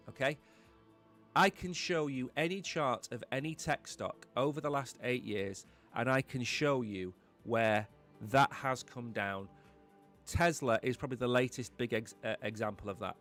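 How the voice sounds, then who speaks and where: A man's voice: medium pitch, a bit bright. Guy ranting about the market on his live stream, punchy and blunt, bit of music faint behind him. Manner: emphatic, blunt, opinionated. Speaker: crypto market show host.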